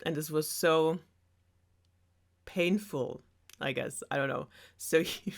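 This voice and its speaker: A woman's voice: low-pitched, slow pace, vocal fry, long pauses. Sarcastic young German woman storyteller. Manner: sarcastic, rambling, giggly asides. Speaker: host. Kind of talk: sarcastic casual fairy-tale retelling.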